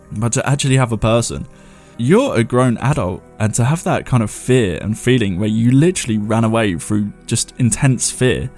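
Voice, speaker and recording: A man's voice: lowish voice, a little mellow. A man hosting a show, chatting loosely and reading viewer ghost stories aloud, laughing at himself as he goes. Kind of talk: casual commentary and reading aloud.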